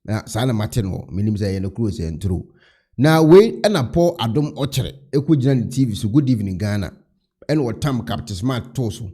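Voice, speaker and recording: A man's voice: mid-range voice, animated, normal speed, mellow, slightly rough. A man vlogging in casual storytelling commentary, recounting events in a chatty, gossipy way.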